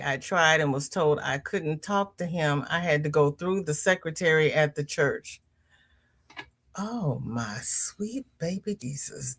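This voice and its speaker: Lady running a crochet live stream, talks slow and easy, greets folks by name, reads out the chat. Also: a bit bright. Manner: leisurely, chatty, with pitch jumps on greetings. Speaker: crochet livestream host. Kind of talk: casual livestream chat reading comments.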